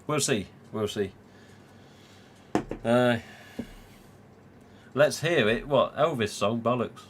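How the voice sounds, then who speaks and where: At a slow pace and medium pitch, an English livestream host chats casually, swearing freely and laughing often. A little hiss or hum sits under the recording.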